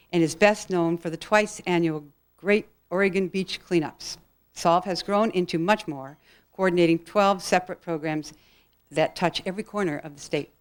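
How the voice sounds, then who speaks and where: A woman moderator reads a formal speaker introduction from her notes. Her voice sits a bit low. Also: clear, resonant tone.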